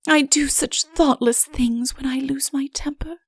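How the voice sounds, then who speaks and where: A woman voicing a scheming, flirtatious countess in an audiobook, with a breathy, whispery delivery and a put-on meekness. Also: high-pitched, fairly even intonation, a little slow, no echo, clean studio sound, pitched above the performer's own voice. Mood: hushed, meek. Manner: coy, feigns meekness. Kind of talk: audiobook character voice.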